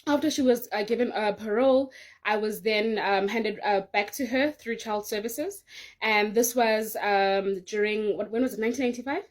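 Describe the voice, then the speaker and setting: Halting, formal young woman. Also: mid-range voice. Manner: formal but halting, many fillers. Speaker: prankster daughter, applicant.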